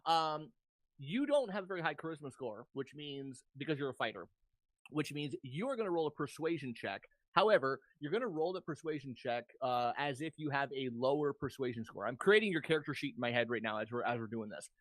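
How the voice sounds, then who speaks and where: A man's voice: medium pitch, expressive, a little fast, no room sound. A man running a tabletop game, explaining the rules casually with frequent ums. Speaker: game master.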